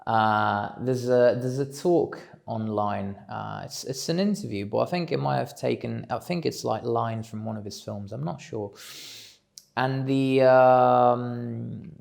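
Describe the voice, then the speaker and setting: Man, reflective monologue at home; slow, thoughtful, voice with a bit of fry. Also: mid-range voice, a little mellow. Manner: measured, musing, thinks aloud. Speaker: speaker on self-development. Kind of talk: reflective solo talk.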